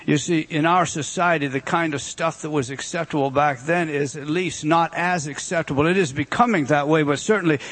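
A man's voice: fairly high pitch, brisk, few pauses, fairly bright tone. Emphatic male preacher. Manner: emphatic preaching, rhetorical questions. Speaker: pastor. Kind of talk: sermon.

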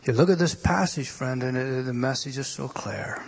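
A man preaching a sermon, moving between loud emphatic lines and hushed whispers. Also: mid-range voice, normal speed, gravelly, few pauses, husky.

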